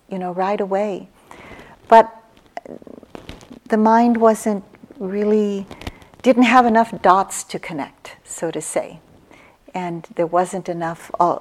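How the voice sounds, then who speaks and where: A woman meditation teacher giving a dharma talk, slow and reflective, with soft pauses and restarts. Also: medium pitch. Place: meditation retreat hall.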